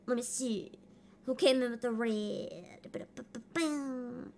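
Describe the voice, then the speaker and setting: A woman streamer chatting casually on a livestream, bubbly and sing-song as she reads out names, her voice rough because she is sick. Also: on the high side, measured pace, a little mellow, a little hiss or hum. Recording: faint background music.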